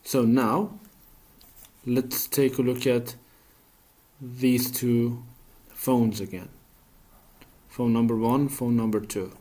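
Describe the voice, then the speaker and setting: A man's voice: mid-range voice, fairly even intonation, takes it slowly, pauses often, warm tone. A man teaching a grammar lesson, speaking patiently and asking questions that he then answers himself. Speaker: English teacher.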